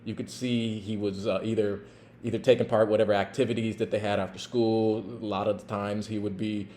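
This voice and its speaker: A man in his fifties, a podcast host and former police officer, telling a personal story in a casual, animated way. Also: fairly low pitch, brisk, a little hiss or hum.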